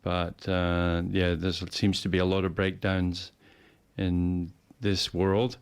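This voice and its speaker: Man, low pitch, casual chat, rambling, repeats words. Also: little pitch movement, slow pace, clean tone. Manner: rambling, repeats words, puts on playful voices.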